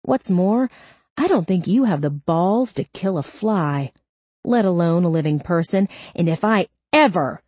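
A woman's voice: on the low side, unhurried, breathy edge, no echo. A cool tough female detective, as a woman reads her. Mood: threatening. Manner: calm and cutting, quietly menacing.

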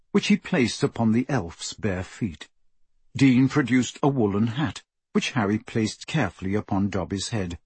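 Male audiobook narrator, husky, lowish voice, dry close sound, measured. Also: dry recording. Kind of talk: scripted narration.

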